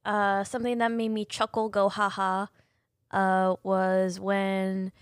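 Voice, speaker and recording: A woman's voice: mid-range voice, monotone, takes it slowly, clean tone, no room sound. A woman chats casually as she reviews a TV episode. She is blunt, laughs easily and swears freely. She acts out scenes with funny sound effects. The room sounds dry and close. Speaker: podcast co-host.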